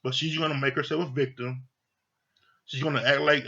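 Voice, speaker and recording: A man's voice: medium pitch, fairly even intonation, a little fast, vocal fry, pushed and bright, highs cut off. A man casually reviewing a reality show, talking bluntly and profanely with an exasperated edge.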